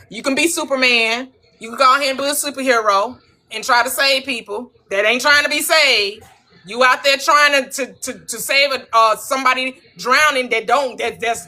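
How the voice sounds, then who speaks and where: Blunt bright-voiced woman host. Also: high-pitched. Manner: blunt, brisk, streetwise. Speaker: host of a live stream panel. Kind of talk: casual live-stream talk.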